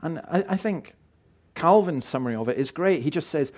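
Earnest middle-aged pastor preaching, slightly high voice. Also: male voice, lively intonation, normal speed, darkish tone. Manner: earnest, emphatic, with frequent restarts and repeated words. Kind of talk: sermon.

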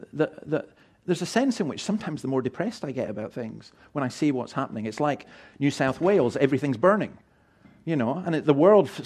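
A middle-aged man delivers a sermon as a pastor. He speaks in an earnest, emphatic way, with a voice pitched a little above the usual for a man, and he often restarts and repeats words as he presses his point. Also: darkish tone, breathy edge.

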